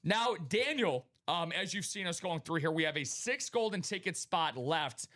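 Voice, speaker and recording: A man hosting a live sports memorabilia stream, talking in an energetic hype style and greeting viewers by name. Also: a little high, normal speed. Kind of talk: casual live-stream chat.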